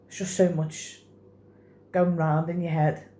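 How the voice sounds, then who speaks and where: A woman's voice: low-pitched, little pitch movement, measured pace, dark tone. A young woman, talking to her phone camera in a personal vlog, rambling with many fillers and crying while she laughs. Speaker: vlogger.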